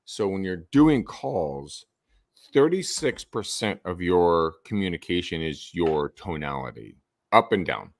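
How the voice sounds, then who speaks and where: A man talks through cold-call advice in a low voice that swoops up and down with animated energy. The sound is dry, with no room around it. He coaches like a seasoned salesman. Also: measured pace, no echo. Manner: animated, swings his voice up and down for emphasis. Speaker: real estate sales coach. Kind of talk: podcast guest advice.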